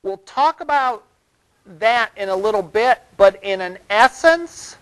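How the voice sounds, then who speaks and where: A man's voice: sits high, animated, slow pace, a bit bright, smooth, rough recording. A man teaching a college web development class, talking loosely with lots of fillers and "all right?" check-ins to the room. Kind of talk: classroom lecture.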